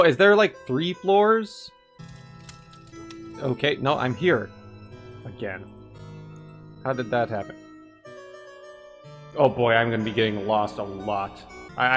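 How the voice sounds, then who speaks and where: A man casually commenting on a video game as he plays, joking and animated, often laughing. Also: mid-range voice, moderate pace, pauses often. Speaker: gaming channel host. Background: faint game music.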